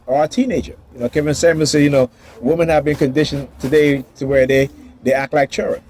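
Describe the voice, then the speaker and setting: A man's voice: fairly high pitch, steady tone, fast, a little mellow, a little hiss or hum. A man vlogging from his car in a casual, heated rant, rambling and repeating "you know" and "right?".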